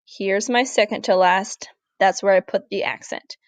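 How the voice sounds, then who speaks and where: A woman Spanish teacher, walking through a recorded grammar lesson, clear and deliberate, slowing down to model words. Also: mid-range voice, fairly even intonation, dry recording. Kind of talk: recorded classroom lesson over slides.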